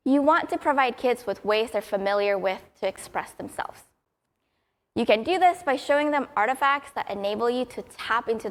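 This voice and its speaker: A young adult woman giving a prepared conference talk in an upbeat, storytelling way. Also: on the high side. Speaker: conference speaker.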